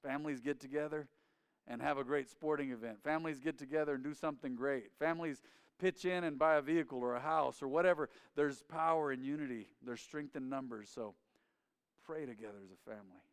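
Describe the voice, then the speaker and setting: A man's voice: medium pitch, brisk, smooth. A man preaching a sermon as a pastor, with emphatic, repetitive phrasing. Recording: long hall reverb.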